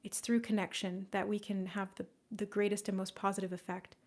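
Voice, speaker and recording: Soft-spoken woman leading a group healing. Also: medium pitch, little pitch movement, fairly quick. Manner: soft, gentle and effusive, thanking viewers by name. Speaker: psychic medium hosting a live session. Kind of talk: live-stream group healing and chat.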